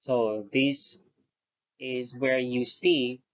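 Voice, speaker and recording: A teacher giving a recorded lesson, speaking deliberately, pausing often between phrases and correcting their own wording. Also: medium pitch, fairly even intonation. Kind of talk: recorded lecture-style lesson. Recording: dull lo-fi voice recording.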